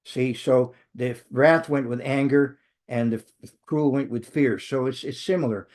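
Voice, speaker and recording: A man's voice: mid-range voice, moderate pace, darkish tone. Man teaching a Bible study. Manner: many restarts and self-corrections, engaging; checks in with the audience.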